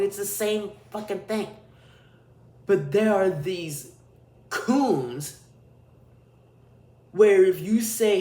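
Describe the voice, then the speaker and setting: A man's voice: high voice, slow, long pauses, a little mellow. A man hosting a podcast, delivering a crude, profane, ranting solo monologue. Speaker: podcast host. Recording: roomy echo.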